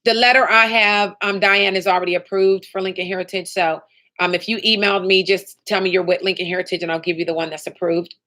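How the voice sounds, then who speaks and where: A woman's voice: medium pitch, steady tone, quick pace, bright, forceful tone. A woman running a live training session for sales agents, upbeat and motivational, often checking in with "okay?" and "right?".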